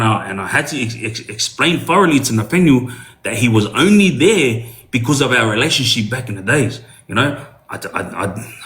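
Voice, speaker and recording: A man's voice: mid-range voice, fairly bright tone. A man telling a personal story in casual talk, earnest, with many hesitations and restarts. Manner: earnest, speaks straight to younger listeners. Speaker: podcast guest telling a story.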